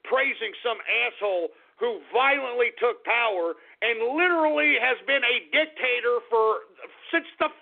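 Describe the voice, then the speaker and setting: A man's voice: extremely high pitch, gravelly. A man hosting a talk radio show, ranting angrily and profanely, repeating himself and sighing. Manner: angry, profane, repeats himself, sighs a lot. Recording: tinny phone-like lo-fi radio recording.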